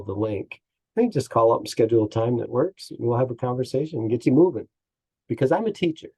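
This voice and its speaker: A man's voice: mid-range voice, vocal fry, warm tone, low-quality recording. A man speaking as an interview guest and business coach, telling folksy stories with chuckles. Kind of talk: casual interview talk.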